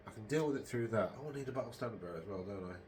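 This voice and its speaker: A man's voice: on the low side, animated, racing, darkish tone, a little hiss or hum. A man hosting a casual, meandering monologue, hesitant and full of ums and self-corrections. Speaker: podcast host.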